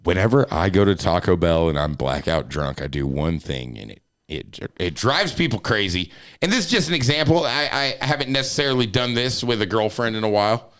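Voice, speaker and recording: Guest comic, male, swinging pitch, laughs through his stories, curses freely. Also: fairly quick. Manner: animated storyteller, laughs often; swears freely. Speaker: guest comedian. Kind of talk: casual podcast chat.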